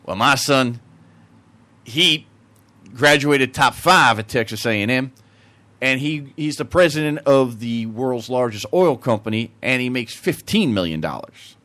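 A man's voice: mid-range voice, expressive, a little slow, sharp tone. A man doing a smug Texan dad. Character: bragging Texan father, self-satisfied.

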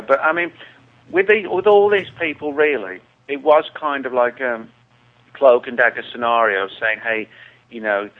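An English-accented man talking casually as a guest, rambling with many restarts. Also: mid-range voice. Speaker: guest researcher. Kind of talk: casual interview talk. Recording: tinny phone-like line.

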